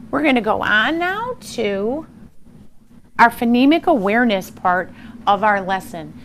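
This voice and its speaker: A woman teaching a phonics lesson to young children, slow and encouraging, sounding out words with exaggerated care. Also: a little high, a little hiss or hum. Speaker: primary school teacher.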